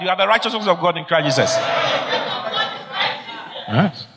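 A man's voice: high-pitched, lively intonation, moderate pace, heavy background noise. A middle-aged man preaching a sermon, emphatic and exhorting, repeating key phrases. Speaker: pastor. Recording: long hall reverb.

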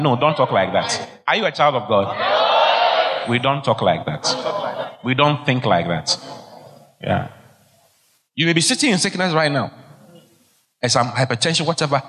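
A middle-aged man preaches with emphatic, exhorting force, driving his points home by repeating them. His voice sits at an ordinary mid pitch. The sound carries the long reverb of a large church hall. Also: sing-song, a little slow, long pauses, heavy background noise. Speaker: pastor. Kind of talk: sermon.

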